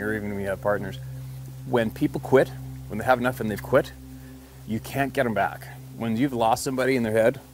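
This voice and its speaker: A man who works as a hunting and fishing guide tells a hunting story casually, swearing freely and laughing as he goes. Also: fairly low pitch.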